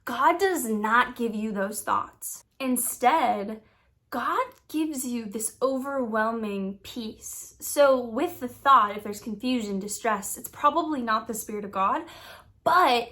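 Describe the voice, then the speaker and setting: A young woman speaks to her viewers as a Christian YouTuber, earnest and expressive. Her voice is bright and sharp-edged and sits a little high. She lays out her teaching with warmth of conviction and lively turns of phrase. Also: slow. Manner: earnest, expressive, playfully acts out quoted thoughts. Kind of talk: faith-based teaching vlog.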